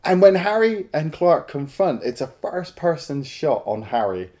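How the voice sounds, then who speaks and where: A man's voice: a little high, big pitch swings, unhurried, a little mellow. A man co-hosting a film review show, chatting casually and animatedly, swearing and acting out scenes. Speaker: film review podcast co-host. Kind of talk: casual chat.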